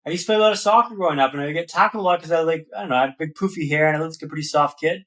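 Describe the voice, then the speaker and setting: A young man with a noticeably high voice talks very fast as a podcast guest telling his story. He's casual and animated, sprinkling in slang like "man" and "brother," and the podcast mic captures him clearly.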